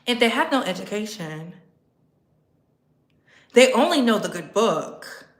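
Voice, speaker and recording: A woman's voice: mid-range voice, big pitch swings, a little slow, reverberant. A woman vlogger giving mocking, sarcastic political commentary, repeating lines for emphasis and laughing between them.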